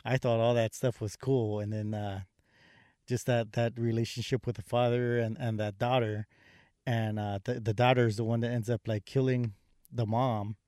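A man casually talking through a film he enjoyed, stumbling over restarts and filling gaps with "uh" and "like". His voice sits at a middling pitch. The sound is dry and close, with no room around it. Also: flat delivery, moderate pace, warm tone, no echo. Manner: rambling, many fillers and restarts. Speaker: podcast co-host reviewing a horror film. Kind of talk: casual film review chat.

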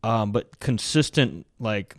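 A man, a military veteran, telling war stories in a loose, animated, casual podcast conversation. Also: on the low side, slow pace, dry recording, clean studio sound.

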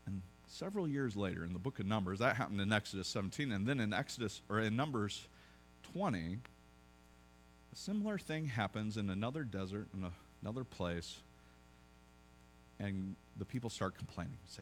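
A pastor preaching a sermon, telling a story conversationally with joking asides and frequent restarts. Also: male voice, on the low side, expressive, brisk, a little hiss or hum.

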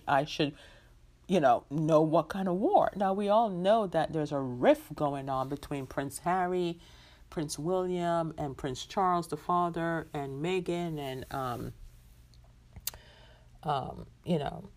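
A woman's voice: deep voice, takes it slowly, darkish tone. A woman from the Caribbean islands hosting her own podcast, telling a story in a chatty, rambling way with many ums and asides to her listeners. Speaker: podcast host. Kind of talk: casual solo podcast storytelling.

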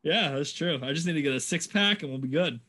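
A man's voice: on the high side, quick pace, background noise. A man co-hosting a casual chat, joking along and laughing often. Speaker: podcast co-host.

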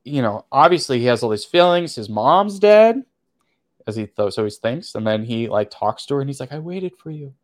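A man's voice: medium pitch, sing-song, normal speed. Man retelling a movie plot, rambling. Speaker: podcast co-host. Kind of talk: casual movie review chat.

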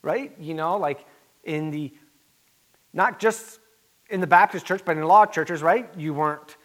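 A pastor preaching a sermon in an earnest, emphatic way, with conversational asides. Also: male voice, on the high side, a little slow, fairly bright tone.

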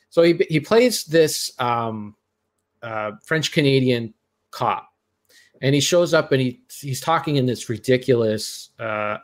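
A man hosting a podcast, chatting casually and giving his blunt, rambling opinions. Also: mid-range voice. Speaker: podcast host. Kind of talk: casual chat.

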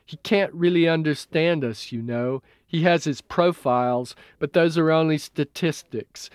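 A man's voice: a little high, measured pace, clear, resonant tone, no room sound, clean studio sound, voice pushed up, natural voice. A man doing a gloating, raised-voice rogue. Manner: gloating, theatrical. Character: smug, perverse young male illusionist.

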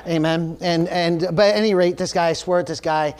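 A man's voice: on the high side, steady tone, fairly quick, a little mellow, clean tone. A male pastor preaching a sermon, telling a personal story in a candid, self-deprecating way. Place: church service.

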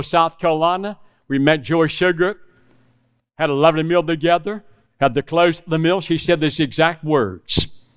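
Middle-aged guy preaching in a church hall, fairly high voice, acts out phone calls in his story. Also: steady tone, moderate pace, clean tone. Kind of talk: sermon with personal testimony.

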